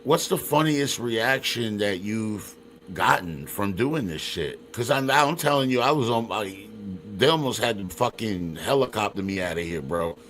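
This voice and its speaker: A man's voice: lowish voice, animated, normal speed, fairly bright tone, a little hiss or hum. A man hosting a podcast who keeps the chat loose and slangy, often laughing and swearing. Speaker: podcast host. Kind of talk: casual interview chat.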